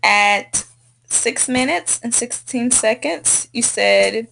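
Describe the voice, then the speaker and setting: A woman tutoring English who slowly and patiently repeats and models corrected sentences, recorded on a computer mic. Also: fairly high pitch, animated, vocal fry, a bit bright, slight background noise. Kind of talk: screen-recorded correction feedback. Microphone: computer mic on a screen recording.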